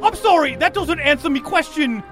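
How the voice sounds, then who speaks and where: A man voicing a brash, crude male jail guard in a tabletop game, speaking high and loud. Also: expressive, moderate pace, soft background music. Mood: brusque. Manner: high, loud, swearing outbursts.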